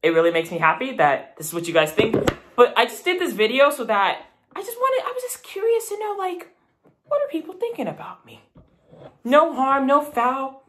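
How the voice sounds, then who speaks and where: A young man chatting to camera in a casual vlog, animated and self-deprecating. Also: very high voice, normal speed, a little hiss or hum. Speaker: YouTuber.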